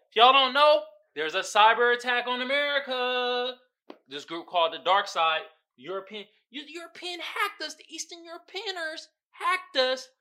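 A young man hosting a podcast, giving casual, profane, animated commentary straight to his listeners. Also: very high voice. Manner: animated, loud, swearing, talking straight to listeners. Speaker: podcast host.

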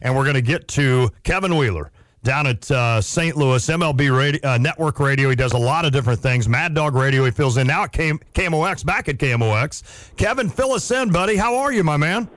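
A man's voice: a little high, animated, fairly bright tone, no echo, clean studio sound. Chatty male sports radio host. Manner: chatty, self-deprecating, quick asides. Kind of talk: casual sports radio chat.

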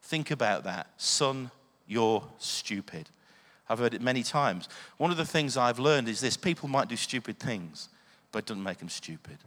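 A man's voice: mid-range voice, lively intonation, fairly quick, hardly any pauses, fairly bright tone. A man preaching a sermon, earnest, often asking the listeners questions. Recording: long hall reverb.

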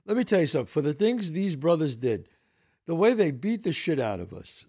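Older Bronx-accented male podcast host, gravelly voice, lively swooping storyteller who acts out the people he quotes. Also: a little high, a little fast. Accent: Bronx New York. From New York. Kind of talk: casual storytelling.

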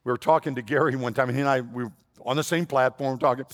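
A man preaching a sermon as an animated storyteller, jumping between loud punchlines and hushed asides. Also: mid-range voice, fast talker. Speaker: guest preacher. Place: church sanctuary. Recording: long reverb of a church hall.

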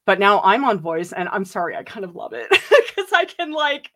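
A woman hosting a casual livestream, reading out viewer comments and chatting about them, gushing and giggling with big swings in pitch. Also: very animated, moderate pace, bright, forceful tone. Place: home.

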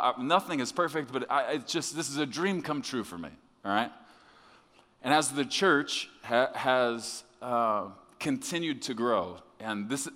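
A male pastor preaching a sermon in a conversational way, with restarts, swinging from quiet confiding passages to loud emphatic ones. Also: mid-range voice, in a large hall.

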